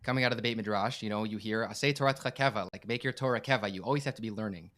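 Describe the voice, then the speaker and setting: Fast-talking earnest man. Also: lowish voice, a bit bright. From United States. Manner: earnest, emphatic, repeats and restarts words. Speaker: rabbi and podcast guest. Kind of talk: heartfelt podcast storytelling.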